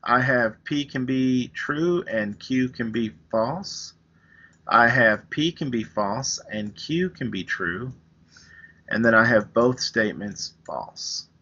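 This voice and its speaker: A man's voice: mid-range voice, lively intonation, slow, sharp tone, lo-fi sound. A man teaching a recorded math lesson, explaining step by step with everyday examples. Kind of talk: recorded lecture, writing on screen.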